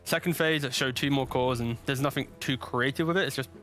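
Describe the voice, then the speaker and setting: Bright-voiced British male esports caster. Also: medium pitch, fairly quick, soft background music. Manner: joking banter turning to fluent analysis. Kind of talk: live esports commentary.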